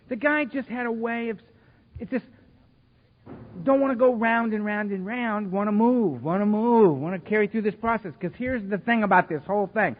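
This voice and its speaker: A man speaking at a recovery meeting, telling his story in an animated, self-mocking way. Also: high voice, normal speed. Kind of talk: storytelling talk to a live meeting. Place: meeting hall. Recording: echoey hall, dull lo-fi sound.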